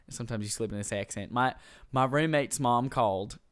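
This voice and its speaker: A man in relaxed conversation as a co-host, his voice sitting at an ordinary middle pitch. He talks playfully and jokes between points, with easy banter. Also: a little fast, clear, resonant tone, dry recording. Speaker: podcast co-host. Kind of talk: casual chat.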